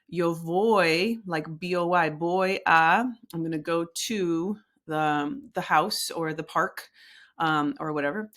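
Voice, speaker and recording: A woman teaching a recorded Spanish lesson, explaining patiently and slowly with frequent fillers. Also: fairly low pitch, a bit bright.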